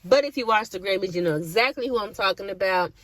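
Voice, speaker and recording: A woman's voice: medium pitch, lively intonation, fast, a bit bright, dry recording. Candid, profane woman in casual chat. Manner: candid and profane, lots of slang and asides. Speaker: vlogger reacting to an awards show.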